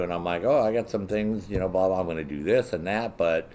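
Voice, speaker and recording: A man's voice: sits low, quick pace, darkish tone, slight background noise. A man hosting his own show, delivering a blunt, profane rant and mimicking other people in a raised voice. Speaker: show host. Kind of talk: profane ranting monologue.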